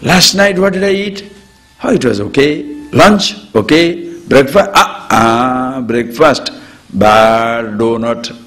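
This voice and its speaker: A spiritual teacher gives a discourse to an audience, speaking slowly at medium pitch. He's animated and chuckles often while acting out everyday examples.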